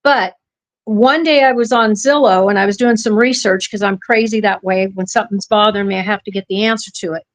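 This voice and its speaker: A woman's voice: medium pitch, fairly even intonation, a little fast. A woman hosting a podcast, telling long, rambling stories and correcting herself mid-sentence. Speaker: podcast host. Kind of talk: casual podcast talk.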